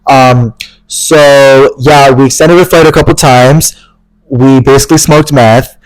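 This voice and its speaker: A young man in his twenties, co-hosting a casual podcast and telling an animated story full of "like" and "literally". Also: mid-range voice, a little slow, rough recording. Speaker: podcast co-host. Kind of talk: casual chat.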